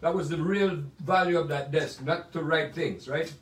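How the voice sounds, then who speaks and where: Older Jamaican man in an echoey room. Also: on the high side. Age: 80s. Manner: chatty, playful, drawn-out asides. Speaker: musician sharing memories. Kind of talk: casual storytelling monologue. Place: home music room. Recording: echoey room, mic at a distance.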